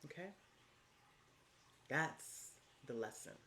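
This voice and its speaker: A woman's voice: animated, slow. A woman vlogger giving casual, motivational life advice, emphatic and repetitive, with swearing and endearments thrown in. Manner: swings from low and hushed to high and loud.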